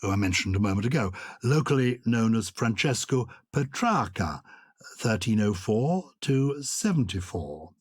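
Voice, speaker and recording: An older man co-hosting a podcast, explaining poetry with lively enthusiasm and reciting verse with emphatic rhythm. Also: lowish voice, a little slow, slightly rough, no echo, clean studio sound. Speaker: podcast co-host.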